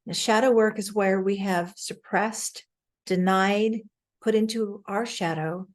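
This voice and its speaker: A woman's voice: mid-range voice, fairly even intonation, a little slow. A woman teaching spirituality in a casual, earnest talk over a video call. She often laughs and grows emotional as she talks.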